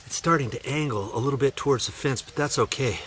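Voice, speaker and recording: A man's voice: medium pitch, fast talker, a bit bright, slight background noise. A man hosting a do-it-yourself video, talking casually and puffing out of breath while he hammers a post outdoors. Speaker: DIY video host. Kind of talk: casual narration while working. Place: outdoors in a yard.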